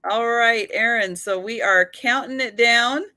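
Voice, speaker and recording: Giggly woman hosting a live sale stream, takes her time, bright tone. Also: fairly high pitch, measured pace. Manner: giggly, chatty, laughs between remarks. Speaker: host of an online photo sale.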